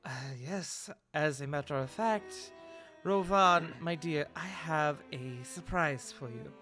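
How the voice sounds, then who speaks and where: A man's voice: fairly high pitch, slow, faint music behind. A man voicing a doting, fussy middle-aged noble mother who gushes fond endearments. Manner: warm, gushing, fond endearments.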